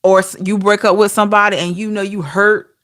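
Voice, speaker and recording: A woman giving a casual tarot reading to camera, talking in an expressive, chatty way with rhetorical questions. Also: mid-range voice, a little fast. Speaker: tarot reader.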